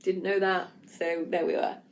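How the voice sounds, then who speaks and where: A woman's voice: fairly low pitch, level tone, moderate pace. A young woman vlogger telling her own story frankly and casually, full of fillers and asides, acting out her own panicked quotes. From England. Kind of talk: candid storytelling vlog.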